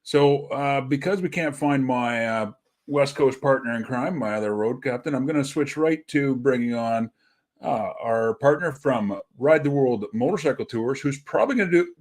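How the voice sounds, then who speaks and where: A man's voice: mid-range voice, normal speed. Regular-voiced guy hosting a livestream, easygoing, lots of uhs, video call. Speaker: livestream host.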